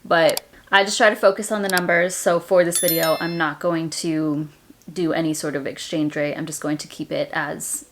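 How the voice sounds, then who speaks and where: A woman's voice: low voice, steady tone, normal speed, slight background noise. An American woman hosting a personal finance video, talking in a chatty, friendly way. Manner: chatty and friendly, says y'all. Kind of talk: casual direct-to-camera finance talk.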